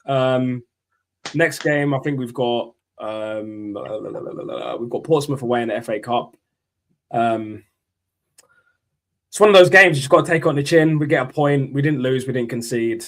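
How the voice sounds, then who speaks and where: A man's voice: medium pitch, moderate pace, a bit bright. A young man with a London accent, hosting a casual football chat stream, rambling, repeating himself and swearing. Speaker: football channel host.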